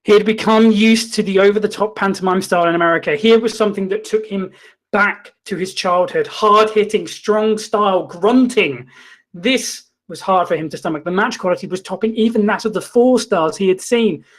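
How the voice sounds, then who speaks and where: Deadpan man, mock-solemn storyteller. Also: high voice, moderate pace. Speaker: comedy host. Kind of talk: mock-documentary comic narration.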